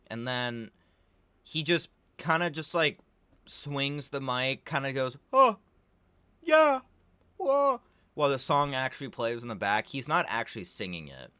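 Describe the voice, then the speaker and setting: A man's voice: medium pitch, moderate pace, sharp tone, clean tone, dry recording. A young man giving a rambling, profanity-laced casual recap of a movie, full of fillers. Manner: rambling, swears a lot, heavy on fillers like "like". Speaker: video creator reviewing a movie.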